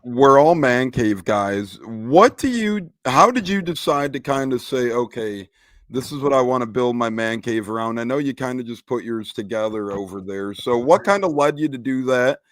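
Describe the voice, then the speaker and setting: Male co-host, mid pitch, relaxed and unhurried, dry close sound. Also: no echo. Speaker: podcast co-host. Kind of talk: casual chat.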